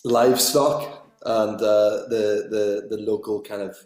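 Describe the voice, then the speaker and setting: A man's voice: lowish voice, fairly even intonation, measured pace, a little mellow. Man in his thirties, echoey remote line. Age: 30s. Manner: hesitant, many ums and restarts. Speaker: guest actor. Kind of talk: casual interview chat.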